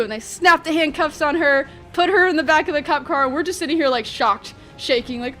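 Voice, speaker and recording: A young woman vlogger telling a story in an animated, chatty way, full of fillers. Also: sits high, a little fast, few pauses, soft background music. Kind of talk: storytime vlog.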